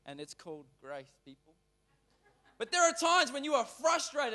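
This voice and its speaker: A man preaching as a pastor in church. He reads scripture aloud, then explains it in a casual, animated way, turning suddenly loud or quiet. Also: high voice, a little fast. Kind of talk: sermon reading and explaining scripture.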